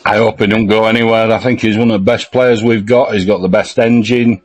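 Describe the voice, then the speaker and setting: A man's voice: on the low side, steady tone, a little fast, slight background noise. A man on a fan podcast giving confident, opinionated takes. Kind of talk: casual fan podcast chat.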